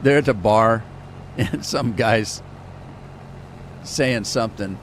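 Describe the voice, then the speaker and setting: A man's voice: on the low side, slow pace, slight background noise. Chatty man streaming a farming game. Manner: chatty, rambling, laughs at his own jokes. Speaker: gaming live streamer. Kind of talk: casual live-stream commentary.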